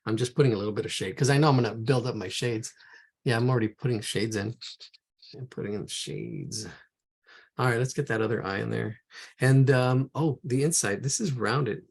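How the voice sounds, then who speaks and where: A man's voice: mid-range voice, fairly quick, vocal fry, breathy edge. A man thinking aloud and rambling as he leads a live drawing lesson. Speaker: art instructor.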